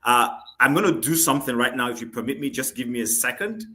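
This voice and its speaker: A man's voice: medium pitch, animated, fast, pushed and bright. A man hosting a panel talk show, moderating with many ums and conciliatory asides. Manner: hesitant, full of ums, conciliatory.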